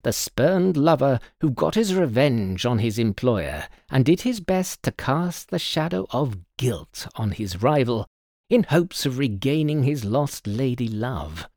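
A sharp-minded detective lays out his reasoning with calm command, as a male narrator plays him. His voice sits a little higher than the narration and moves with lively rise and fall. Delivery is unhurried and the sound dry and close. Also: dry recording. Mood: assured. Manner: precise, authoritative explaining.

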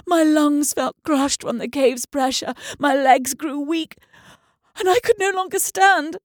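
High-voiced woman narrating horror slowly. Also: no echo, clean studio sound. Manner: dramatic, dropping into hushed whispers. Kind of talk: first-person horror story narration.

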